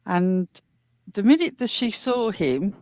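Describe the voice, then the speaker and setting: A woman's voice: mid-range voice, very animated, slow, no room sound. A woman hosting a commentary show, earnestly retelling and explaining a clip step by step. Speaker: commentary host.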